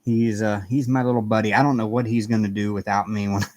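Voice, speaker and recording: A man's voice: fairly low pitch, level tone, fast, darkish tone, no room sound. Rambling, chatty man hosting a live stream. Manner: rambling, chatty, greets viewers by name. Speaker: livestream host chatting with viewers. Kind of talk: casual live-stream chat. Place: home apartment.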